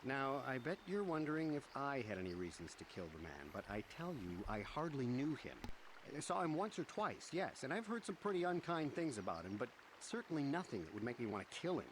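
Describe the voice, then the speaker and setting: A man's voice: fairly quick, background noise, lightly acted. A man voicing an agitated, defensive murder suspect. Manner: defensive, agitated, lively pitch. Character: nervous middle-aged male murder suspect.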